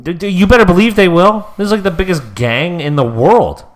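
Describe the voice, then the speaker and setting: A man's voice: sits high, brisk. A young man co-hosting a podcast, rambling playfully in casual chat. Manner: rambling, lots of "like" fillers, playful. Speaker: podcast co-host.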